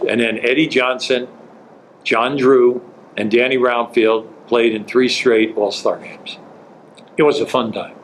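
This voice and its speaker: Older man spinning an animated anecdote. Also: a little slow, a little hiss or hum, poor audio. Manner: animated, jumps pitch for quoted voices. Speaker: interview guest, former coach. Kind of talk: storytelling anecdote.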